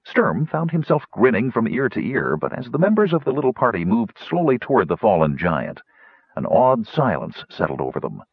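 A man narrates a fantasy story in a dramatic, measured way. His husky, low voice swoops widely. The recording is dry, dull and lo-fi. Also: big pitch swings, dry recording. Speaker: audiobook narrator.

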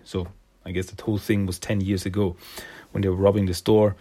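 A man's voice: sits low, little pitch movement, brisk, mellow, husky. A man casually recapping a comic issue, rambling and loose with many fillers. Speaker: comic reviewer.

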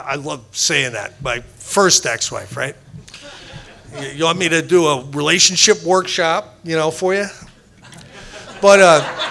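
A man's voice: on the high side, gravelly, pushed and bright. A man sharing his personal recovery story with a meeting group, rambling and self-deprecating, with frequent restarts.

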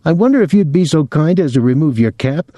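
A man doing a cheeky teenage boy, higher. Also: expressive, brisk, warm tone, no echo, clean studio sound. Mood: mocking. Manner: feigned politeness, mock drama. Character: teenage boy, cheeky, mock-polite provoker.

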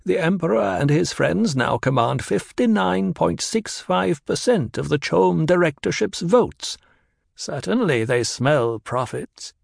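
A man's voice: on the high side, gravelly, dry recording, clean studio sound, pitched above the performer's own voice, full character voice. A man voicing a stern, snappish old woman who sneers and lectures with cruel mimicry, in an audiobook reading.

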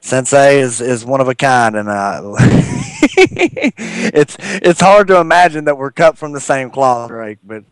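A man's voice: medium pitch, very animated, measured pace, clear, resonant tone, no echo, low-quality recording. A man hosting a casual interview, enthusiastic and supportive toward his guest. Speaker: interviewer, former referee.

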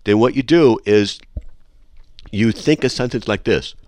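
A man's voice: lowish voice, unhurried, darkish tone, dry recording. A man hosting a talk radio show from a studio, lecturing sarcastically and reading listener emails aloud. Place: radio studio with a control room window.

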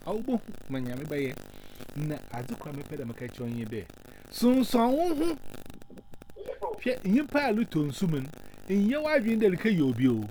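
Animated man giving advice. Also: a little high, slight background noise. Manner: earnest, lecturing, mixes in English words. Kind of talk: advice talk.

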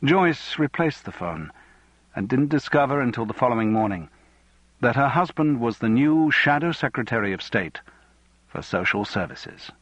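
A man reading a novel aloud as audiobook narrator, measured and even. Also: medium pitch, no echo, muffled recording. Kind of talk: scripted narration.

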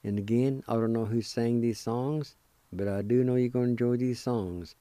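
A man hosting a radio language lesson, spelling out letters one at a time and repeating each word slowly and deliberately. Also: medium pitch, fairly even intonation, dark tone, no echo. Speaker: radio language teacher and host.

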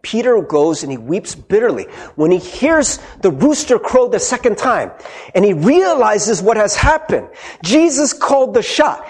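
Husky, darkish, and sitting high, this man's voice belongs to a pastor giving a relaxed, chatty sermon. Lots of his sentences finish with a tagged "right?", and whenever he repeats someone's words he performs them in character.

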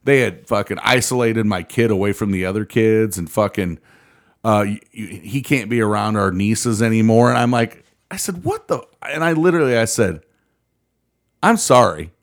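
A man's voice: lowish voice, normal speed. A man in his thirties telling heated, profanity-laden stories in casual chat.

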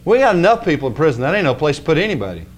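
Folksy animated male preacher. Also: a little high, very fast, slight background noise. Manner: folksy, conversational preaching with chuckles and asides; animated, rising to emphatic outbursts. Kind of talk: sermon.

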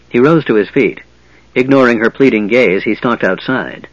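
A man reading fantasy narration aloud in a steady, even storytelling manner. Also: fairly low pitch, moderate pace, dry recording, dull audio. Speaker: audiobook narrator.

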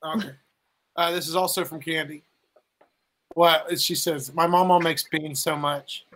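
A young male co-host with a high, bright voice, cracking jokes and getting hyped with casual swearing. His banter is loose and playful. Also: steady tone, a little slow.

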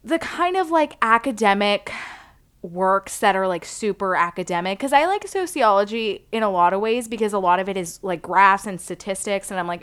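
A young woman in her twenties co-hosts a casual chat podcast, talking in an animated, rambling way and laughing often. Her voice is smooth and clear, at a middle pitch for a woman. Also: fairly quick. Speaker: podcast co-host.

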